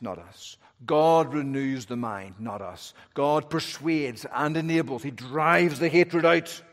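A man preaching a sermon as pastor, speaking emphatically and swinging from strong rises down to hushed low phrases. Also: in a large hall. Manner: emphatic preaching, rising and dropping to hushed lows.

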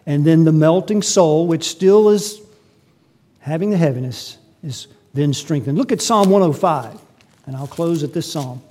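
Male pastor mid-sermon, high-pitched voice; animated delivery with big loud peaks and hushed asides. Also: unhurried. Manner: animated preaching, swinging from loud emphasis to quiet asides.

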